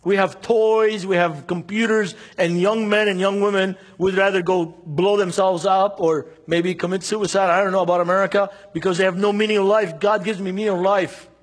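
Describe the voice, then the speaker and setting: Husky high-voiced male preacher. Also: steady tone, a little fast, hardly any pauses. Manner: earnest, engages the congregation with questions. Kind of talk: sermon with storytelling.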